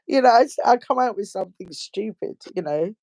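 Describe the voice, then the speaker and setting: A woman's voice: on the high side, darkish tone, no room sound. An older woman, a guest in a casual interview, telling anecdotes, acting out quotes and often ending with "you know?". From United Kingdom.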